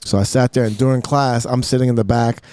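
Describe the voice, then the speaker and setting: A man's voice: mid-range voice, steady tone, fast talker, mellow, no echo. Guy hosting a podcast, swears a lot, loose storytelling, dry close studio mic. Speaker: podcast host. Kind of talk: casual chat.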